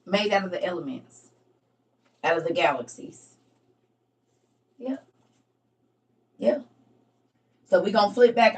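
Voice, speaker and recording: A woman's voice: on the low side, darkish tone, distant mic. A woman hosting a live stream, casually reading scripture aloud and talking it over with her viewers, laughing at her own slips.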